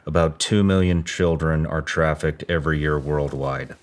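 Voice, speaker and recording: A man's voice: very deep voice, moderate pace, a little hiss or hum. A man hosting a podcast, asking direct, probing questions in a casual interview. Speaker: podcast host.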